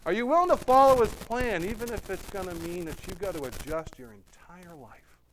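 A man's voice: high voice, expressive, brisk, a little hiss or hum, low-quality recording. A man preaching a sermon, emphatic and repeating his points for emphasis.

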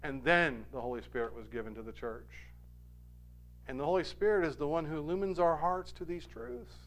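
A man preaches a little fast in a voice on the high side. His sermon rises to loud, emphatic peaks and falls to quiet, soft asides, and he performs quoted lines with feeling.

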